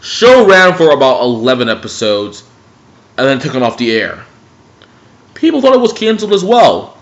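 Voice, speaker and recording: A young man ranting casually about TV cartoons in a dim room at home, animated and profane. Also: mid-range voice, normal speed. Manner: animated, profane, jumps between mocking impressions. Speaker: video blogger. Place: dimly lit room at home. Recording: dull, lo-fi home recording.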